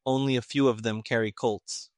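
A man voicing a gruff, sarcastic army colonel who speaks emphatically, in an audiobook reading. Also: medium pitch, steady tone, moderate pace, no echo, studio quality, close to an everyday voice. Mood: emphatic.

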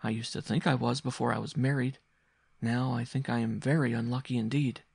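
A man reading a story aloud, voicing a weary mother who speaks in a measured, bitter way. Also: mid-range voice, steady tone, vocal fry, a little mellow, husky, no room sound, studio quality, pitched above the performer's own voice.

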